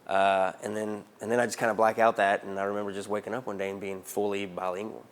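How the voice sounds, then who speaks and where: Low-voiced man with an Arkansas accent. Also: fast. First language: Spanish. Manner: animated, conversational, asks "right?" often. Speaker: interviewee. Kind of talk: personal storytelling in an interview. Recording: music playing underneath.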